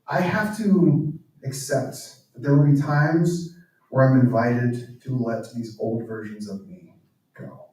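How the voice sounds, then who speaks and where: In a church hall, a male guest speaker with a medium-pitched, dark voice offers a reflective talk. He is earnest and lowers to near-whispers on emotional points, while the room echoes heavily and he sounds far from the microphone.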